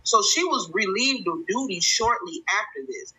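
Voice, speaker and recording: A woman hosting a stream and commenting on a viral clip, indignant and halting, with many fillers. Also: mid-range voice, expressive, bright, forceful tone, rough recording. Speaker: stream host.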